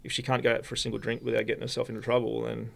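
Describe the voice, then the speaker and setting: An Australian man, a podcast guest, telling a personal story in a halting, rambling way with many restarts. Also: medium pitch, monotone, gravelly, slight background noise. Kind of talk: casual storytelling.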